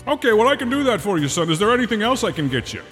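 A man's voice: high voice, very animated, fairly bright tone, pitched above the performer's own voice. A man playing a crude, tired mall Santa in an improvised comedy role-play, drawing out his words and slipping in profane asides. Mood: rambling. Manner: slow, drawn-out delivery with sudden profane asides. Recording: echoey, with faint music behind.

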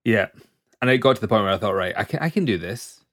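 A man's voice: lowish voice, expressive, quick pace, a bit bright, no echo, studio quality. A man co-hosting a podcast in casual chat, joking and laughing often as he rambles through lists. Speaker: podcast co-host.

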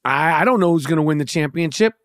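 High-voiced, profane New York man ranting. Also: animated, fast, dry recording, studio quality. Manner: profane, heated, stammering restarts. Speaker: podcast host. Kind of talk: casual monologue rant.

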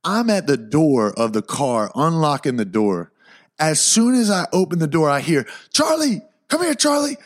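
A man's voice: a little high, normal speed. Hyped, slangy young man podcaster. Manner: hyped, excitable, slangy, breaks into loud outbursts. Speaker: podcast host. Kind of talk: casual solo podcast storytelling.

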